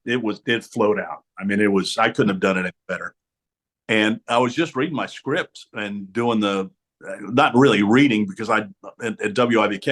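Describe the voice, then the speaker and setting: A man's voice: on the low side, fairly bright tone. A middle-aged man, a sportscaster guest in a radio studio interview, tells stories with energy and acts out the voices of other people. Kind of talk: storytelling interview talk.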